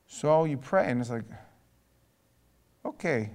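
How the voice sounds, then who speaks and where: A pastor, telling a story in a sermon, acting out the people in it and building to a forceful charge. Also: male voice, mid-range voice, normal speed, long pauses. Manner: conversational, acts out dialogue, rising to forceful exhortation.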